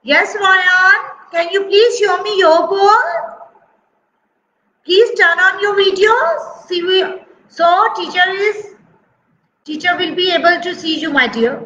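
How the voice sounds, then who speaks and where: High bright-voiced lady teaching tiny kids online, sing-songy praise, echoey dull call audio. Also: slight background noise. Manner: sing-song, praising, slow and exaggerated for kids. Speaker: preschool teacher. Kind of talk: online class for small children.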